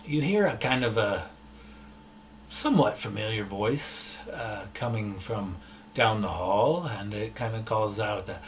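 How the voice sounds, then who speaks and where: A man running an online tabletop game as game master, talking in a loose, relaxed way with lots of fillers and restarts. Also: lowish voice, measured pace, slight background noise. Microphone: online session mic.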